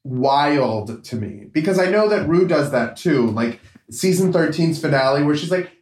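A man's voice: fairly high pitch, expressive, moderate pace, a little mellow. A man chatting casually as a podcast guest, rambling with many fillers and frequent laughs. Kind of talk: casual chat. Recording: echoey room.

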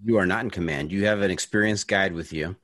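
A man's voice: sits low, fast talker, a bit bright. A man hosting a podcast interview, talking casually and summing up his guest's story back to him. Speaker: podcast host.

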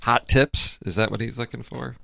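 A man's voice: medium pitch, fairly even intonation, moderate pace, creaky, pushed and bright, no echo. An American man co-hosting a podcast in casual chat, wry and teasing with frequent laughs. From United States. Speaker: podcast co-host.

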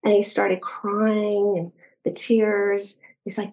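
A woman's voice: mid-range voice, level tone, slow, darkish tone, rough recording. A middle-aged woman, a podcast guest, earnestly retelling a personal story in detail with frequent restarts.

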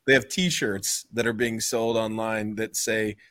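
A man's voice: on the low side, steady tone, a little slow, fairly bright tone, no room sound. A man hosting a podcast in casual chat, upbeat and joking as he leads the topics. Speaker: podcast host.

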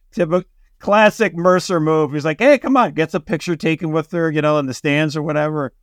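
A man co-hosting a podcast, chatty and quick with a joke, often stumbling over repeated words. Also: fairly high pitch, fairly even intonation, no echo, clean studio sound. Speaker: podcast co-host. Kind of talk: casual podcast chat.

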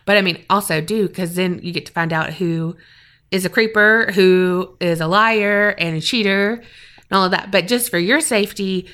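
A woman's voice: mid-range voice, moderate pace. Chatty woman podcast co-host reading aloud. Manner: lively storytelling with fillers like "like" and "you know". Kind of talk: casual chat and reading listener letters aloud.

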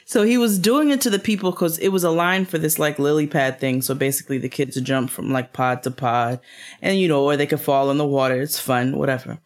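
A woman's voice: low voice, fairly quick. A woman co-hosting a podcast, chatting casually and laughing easily. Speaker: podcast co-host. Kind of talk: casual chat.

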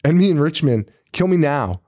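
A man in casual podcast chat about a horror film, swearing freely and laughing through his lines. His voice sits a bit high and swings widely in pitch as he gets worked up. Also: moderate pace. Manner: profane, animated, laughs often. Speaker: podcast co-host. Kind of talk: casual movie review chat.

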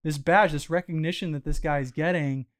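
Guy on a podcast, clean smooth voice, chatty, keeps saying "you know" and starting over. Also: on the high side, fairly quick. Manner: relaxed, filler-heavy, frequent restarts and "you know". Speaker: startup founder guest. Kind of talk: casual storytelling conversation.

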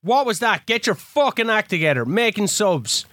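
High, bright man calling a game excitedly. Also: moderate pace, dry recording, studio quality. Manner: shouty, swearing, jokey play-by-play. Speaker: podcast co-host. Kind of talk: excited live game commentary.

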